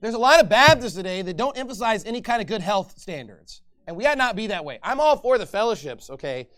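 Speaking at a quick clip with a high-pitched voice, this middle-aged man preaches as a pastor. He keeps it chatty and animated, performing quoted lines and breaking into occasional laughter.

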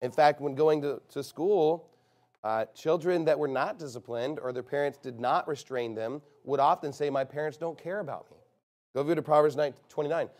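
Fiery preacher with a higher voice. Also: male voice. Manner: forceful preaching that swings from low and quiet to loud and emphatic; slows down and stresses key phrases. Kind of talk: sermon.

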